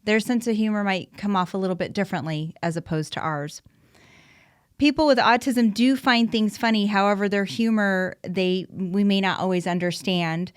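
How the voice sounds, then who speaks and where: In clean studio audio without room sound, a podcast host in her thirties speaks at normal speed in a mid-range, clean-toned voice. This casual solo episode has her chatting candidly about life with her autistic son, often saying um and restarting sentences.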